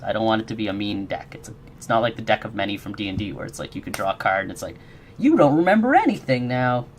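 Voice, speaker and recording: A man's voice: lowish voice, vocal fry, a little hiss or hum. A man streaming his game development work, chatting casually with viewers in a rambling, friendly, encouraging way and answering chat.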